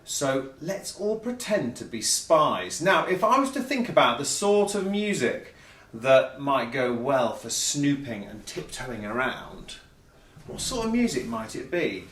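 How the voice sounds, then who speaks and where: A man's voice: medium pitch, very animated, a little slow, a bit bright. A man leading a children's music lesson, playful and cheerful, asking the young audience questions as he goes. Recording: echoey room, mic at a distance.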